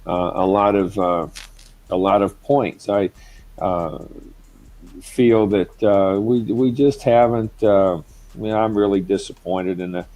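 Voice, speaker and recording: A man's voice: lowish voice, fairly even intonation, slow pace, mellow. A man ranting angrily as a caller, hesitant and swearing in frustration. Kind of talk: angry rant.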